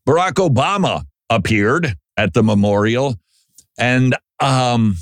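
A man's voice: mid-range voice, animated, takes it slowly, no echo, clean studio sound. A male commentator reacting to played speech clips in a sardonic, conversational way, often restarting his sentences. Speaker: political commentator.

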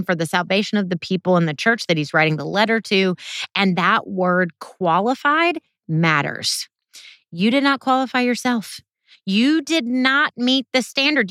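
A woman's voice: medium pitch, fairly bright tone, no echo. Earnest woman teaching scripture, dry sound. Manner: earnest, emphatic, varying pace for stress. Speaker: Bible teacher. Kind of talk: sermon.

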